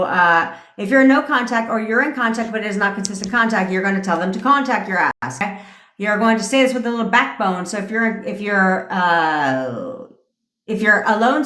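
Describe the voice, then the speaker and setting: A woman's voice: medium pitch, fairly bright tone. A woman manifestation coach on a livestream, talking bluntly and with a lot of profanity. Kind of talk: livestream pep talk. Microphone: phone. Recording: echoey room.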